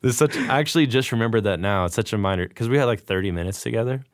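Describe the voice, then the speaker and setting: Racing along in a lowish voice, a guest on a podcast excitedly relates a story and performs the dialogue. The casual storytelling comes through in studio quality with no room sound.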